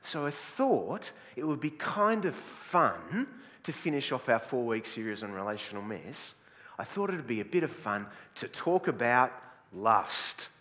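A man's voice: medium pitch, sing-song, normal speed, fairly bright tone. A middle-aged Australian man preaching a sermon in a chatty, joking, self-deprecating way. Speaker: pastor. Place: church hall with audience. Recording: reverberant church hall.

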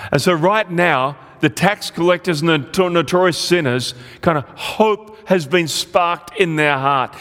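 A male pastor preaching a sermon, telling a parable in an animated way and acting out the characters' lines. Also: high-pitched. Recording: long hall reverb.

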